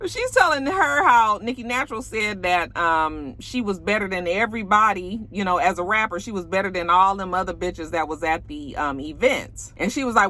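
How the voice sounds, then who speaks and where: A young woman recapping a reality TV episode in a casual vlog, gossipy and animated, acting out the cast's lines. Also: mid-range voice, moderate pace, hardly any pauses.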